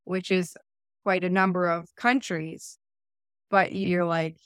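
Podcast co-host: young Canadian woman, smooth clear voice, dry close sound, loose rambling chat. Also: lowish voice, little pitch movement, takes it slowly, pauses often, no room sound. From Eastern Ontario, Canada. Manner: rambling, self-correcting, conversational. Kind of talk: casual podcast discussion.

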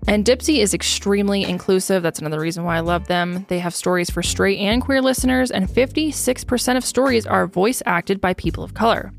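A woman's voice: medium pitch, fairly quick, creaky, few pauses, soft background music. Upbeat woman podcast host. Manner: upbeat, excitable, swears freely. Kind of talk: ad read and casual chat.

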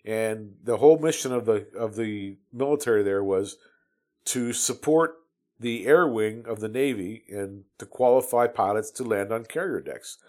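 A man's voice: on the low side, normal speed, a little mellow. A man in his fifties from the United States, telling his Navy stories in a casual, rambling way with many restarts and fillers. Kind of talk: casual storytelling.

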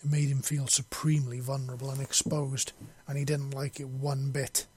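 Husky man narrating a story. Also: medium pitch, level tone, normal speed, darkish tone.

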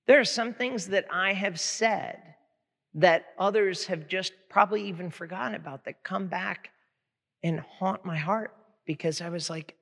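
A man preaching a sermon, animated and storytelling, often repeating words as he builds a point. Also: on the high side, in a large hall. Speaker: pastor.

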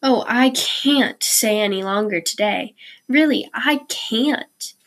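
A woman reading the part of a nervous, secretive young actress who speaks softly and anxiously. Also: on the high side, takes it slowly. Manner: soft, anxious.

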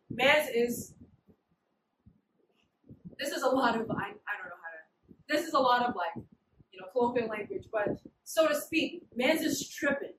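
A woman preaching a casual sermon with slangy, animated storytelling. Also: on the high side, normal speed, pauses often. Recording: roomy, distant, noisy hall.

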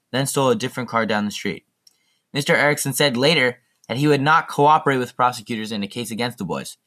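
A man's voice: mid-range voice, sharp tone. A teenage boy hosting his own podcast, rambling through jokey, chatty asides in a casual solo monologue. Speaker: podcast host.

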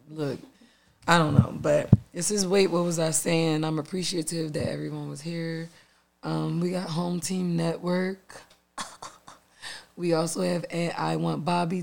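A gravelly, tired-sounding woman hosts a podcast, rambling loosely and cursing as she talks. Her voice has a sleepy, husky-edged fry. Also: low-pitched, a little mellow. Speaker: podcast host. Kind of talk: casual podcast chat.

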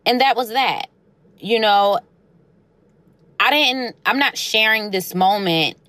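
A woman tells a personal story in a loose, chatty vlog style, slipping into the voices of the people she quotes. Her voice sits a little low for a woman. The sound is dry and close. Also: a bit bright, no echo.

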